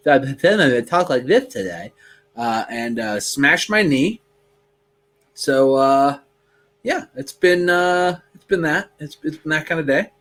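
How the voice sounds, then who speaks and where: A man's voice: fairly high pitch, takes it slowly, a bit bright. A man co-hosting a casual wrestling podcast, talking in rambling bursts full of restarts and fillers. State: bit tongue. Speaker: podcast co-host. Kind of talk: casual chat.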